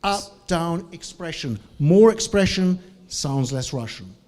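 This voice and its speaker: Male conference speaker, animated, slightly high voice, plenty of up and down in delivery. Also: slow. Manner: animated, varies tone and tempo. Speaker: conference speaker on English for Russians. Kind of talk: lively conference talk.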